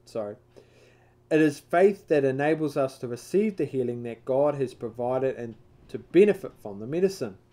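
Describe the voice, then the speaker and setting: Mellow-voiced man reading scripture slowly. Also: mid-range voice, animated. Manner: measured reading with occasional stumbles and self-corrections. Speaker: Bible study leader. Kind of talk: reading a devotional book aloud with brief comments.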